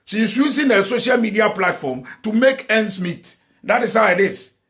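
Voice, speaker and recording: A man's voice: sits high, normal speed, a bit bright. A man giving emotional commentary, talking in an impassioned way that repeats itself and stumbles through many fillers and restarts. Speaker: commentary vlogger. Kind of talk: emotional social media commentary. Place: lives in the Netherlands.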